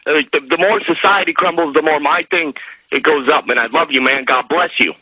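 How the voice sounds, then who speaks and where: On a husky phone line with a dry sound, a Minnesota man calls in to a radio show, his voice a little high and a little fast. He's eager and excited, rambling as he tells his story.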